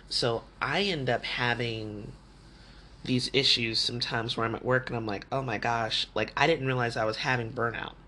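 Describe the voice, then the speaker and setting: A man's voice: mid-range voice, sharp tone, a little hiss or hum. A man hosting a podcast, talking through advice in a candid, chatty way and acting out the things people said to him. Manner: candid and chatty, often acting out quoted remarks. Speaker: podcast host. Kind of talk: casual advice podcast talk.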